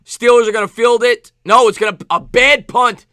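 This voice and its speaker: A man with a New York accent streaming live play-by-play football commentary, excitable, with rhyming calls and thanks to chat viewers. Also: extremely high pitch, normal speed, creaky, smooth, dry recording, studio quality. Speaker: sports streamer.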